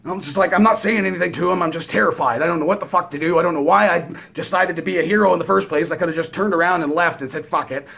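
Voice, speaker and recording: Gravelly man telling a story, swearing freely. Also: high-pitched, racing, few pauses. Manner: profane, animated, rambling. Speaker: vlogger. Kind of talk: casual storytelling.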